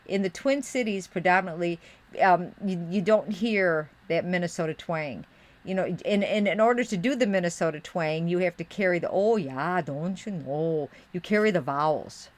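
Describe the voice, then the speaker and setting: Middle-aged woman streamer, Western New York accent with Midwest hints, lowish voice, rambling chatty delivery, talking to chat at her desk. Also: normal speed. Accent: Western New York with Midwestern touches. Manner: rambling, talks to chat, muttering while searching. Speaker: live streamer. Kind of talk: casual live-stream chat while crafting.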